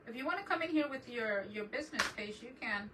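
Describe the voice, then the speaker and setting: Speaking fast with lively intonation and a pitch on the high side, this middle-aged crafting channel host chats casually on her live stream and greets viewers by name. The recording comes from a distant mic with plenty of background noise.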